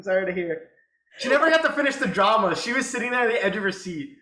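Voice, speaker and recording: Young male podcast co-host, high voice, playful banter, echoey call audio. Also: expressive, quick pace, pushed and bright, a little hiss or hum. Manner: joking, laughs often. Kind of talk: casual chat. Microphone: video call. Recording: echoey room.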